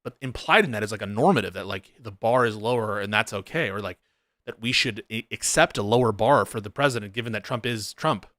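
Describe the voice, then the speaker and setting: A man's voice: on the low side, a little fast, a bit bright, no echo. A man giving sarcastic, argumentative commentary on political clips, laughing at them as he goes. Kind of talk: casual reaction commentary.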